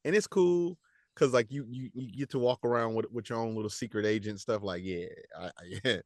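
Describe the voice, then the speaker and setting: A man who works as a voice actor, talking casually in a podcast interview, animated and slangy, laughing often and repeating words as he goes. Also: medium pitch, fairly quick, no room sound, clean studio sound. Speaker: voice actor guest.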